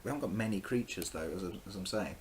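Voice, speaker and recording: A man's voice: lowish voice, lively intonation, fast talker, a crowd in the background. A man co-hosting a casual chat, deliberating and explaining his points step by step. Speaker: co-host building a card deck.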